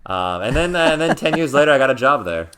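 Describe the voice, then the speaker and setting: A man from Southern California co-hosting a podcast, telling rambling childhood stories with many restarts and loud excited quotes. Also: mid-range voice, fast talker. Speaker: podcast co-host. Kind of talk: casual podcast banter.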